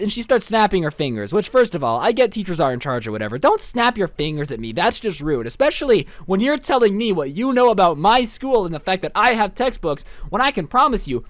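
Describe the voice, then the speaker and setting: A young man telling a high school story in a storytime vlog, animated, sarcastic and joking. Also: no room sound.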